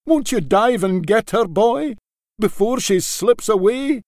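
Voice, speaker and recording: Man doing a theatrical old laird, loud and wailing in fake grief, storybook read-aloud, wide swoops, dry close sound. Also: expressive, slow, dry recording, exaggerated voice. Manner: booming and wailing in feigned grief. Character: old male Scottish laird, crafty and theatrical.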